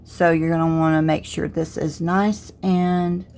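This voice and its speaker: A middle-aged woman with a Southern US drawl talks through a hands-on crafts demonstration. Her voice sits low and has a gravelly, creaky edge. She thinks aloud in a relaxed way as she works, stopping and starting between steps. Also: a little slow. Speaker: crafts tutorial host. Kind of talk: casual step-by-step tutorial narration.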